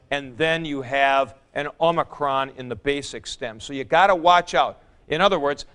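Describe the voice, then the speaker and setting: Slow, smooth-voiced male Greek teacher. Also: on the high side, fairly bright tone. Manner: patient, explanatory, demonstrative. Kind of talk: classroom lecture. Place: classroom.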